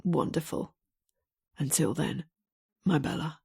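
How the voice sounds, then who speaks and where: A woman reading an audiobook, voicing a calm, protective husband in a deep, gruff voice. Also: measured pace, exaggerated voice. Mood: calm, tender.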